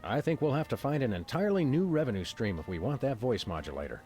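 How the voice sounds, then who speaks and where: A man's voice: mid-range voice, very animated, fast talker, darkish tone, soft background music, natural voice. A man voicing a dry-witted cartoon dog detective. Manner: dry and matter-of-fact.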